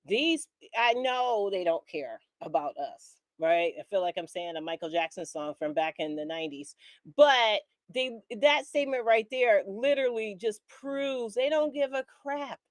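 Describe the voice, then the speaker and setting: A woman's voice: fairly high pitch, animated, unhurried, no echo. An angry woman speaking as a guest on a live political commentary stream, impassioned and tagging her points with "right?".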